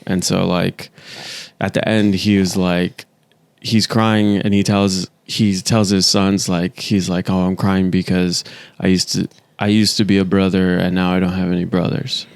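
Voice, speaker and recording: A man's voice: low-pitched, measured pace, gravelly. A man in casual podcast chat, telling stories animatedly and swearing now and then. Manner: animated storytelling, swears, speeds up. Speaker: podcast guest.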